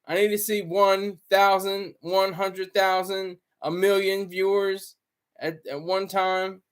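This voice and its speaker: High-pitched male streamer; loose, meandering, self-interrupting chat to viewers. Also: level tone, takes it slowly, clean tone. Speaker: livestreamer. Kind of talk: casual livestream commentary.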